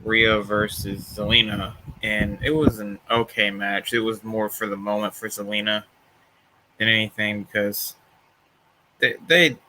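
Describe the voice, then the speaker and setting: A man's voice: fairly low pitch, flat delivery, unhurried, pushed and bright, slight background noise, poor audio. A young man in casual chat, rambling and tired, yawning between thoughts, with many fillers and restarts. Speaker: vlogger reviewing wrestling shows.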